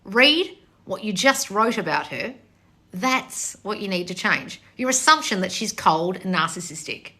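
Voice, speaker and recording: Blunt, sweary woman coach with a bright, ringing tone, answering viewers live into her phone. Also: mid-range voice, animated, a little slow. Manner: blunt and sweary, laughing, reading viewer comments aloud. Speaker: manifestation coach. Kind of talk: live-stream Q&A.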